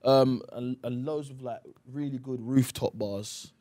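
A man's voice: medium pitch, unhurried, dark tone, no room sound, clean studio sound. A man with a South London accent, a guest chatting casually in a radio interview and rambling with lots of "you know". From England. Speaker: actor guest.

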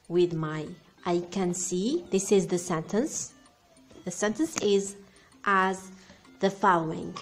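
Slow, patient woman teaching beginners. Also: mid-range voice. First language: Arabic. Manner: slow, patient, asks "okay?" often, spells words. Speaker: English teacher. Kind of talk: beginner language lesson.

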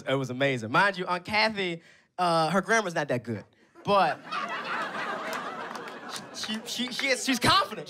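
A man doing stand-up comedy, telling a story in an animated way and laughing through his lines. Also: fairly high pitch, slight background noise.

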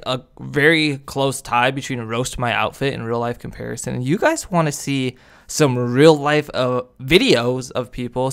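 A man's voice: mid-range voice, fairly bright tone, clear, resonant tone. A young man giving casual, goofy commentary while rating game outfits, rambling and laughing often. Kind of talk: casual commentary over gameplay. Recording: faint background music.

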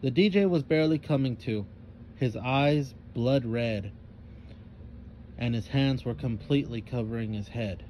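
A man reading a children's story aloud with expressive narration. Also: mid-range voice, unhurried, a little hiss or hum.

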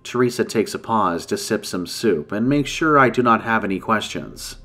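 A man narrating a scripted scary campfire story in a steady, measured way. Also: on the low side, faint music behind.

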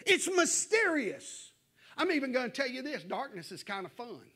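A man preaching, with a voice that sits unusually high for a man. His delivery is folksy and conversational, and it rises into fervent, raised appeals to his church congregation. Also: sing-song, normal speed, sharp tone. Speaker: pastor. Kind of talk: evening sermon to a church congregation.

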